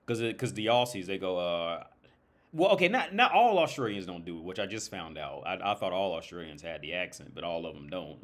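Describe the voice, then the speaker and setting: American man, very low voice, casual livestream chat, rambling, swears a lot. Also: fairly bright tone. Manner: rambling, swearing, frequent restarts.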